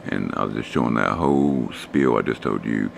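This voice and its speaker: Very deep hoarse man. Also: moderate pace, a little hiss or hum. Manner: relaxed, rambling, talks to chat viewers. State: losing his voice, hoarse. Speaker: stock trading streamer. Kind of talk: casual live stream commentary.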